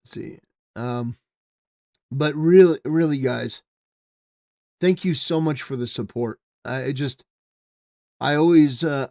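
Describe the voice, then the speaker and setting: A man's voice: mid-range voice, creaky, a little mellow, no echo, studio quality. Stammering, rambling male stream host. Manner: rambling, stammering restarts, swings between mumbling and emphatic. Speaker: political commentary livestream host. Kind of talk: casual commentary.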